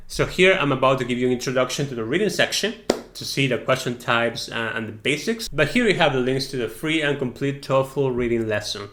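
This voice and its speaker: A man's voice: medium pitch, fairly bright tone. A man teaching an online exam-prep lesson, explaining step by step and often checking in with "okay?" and "right?".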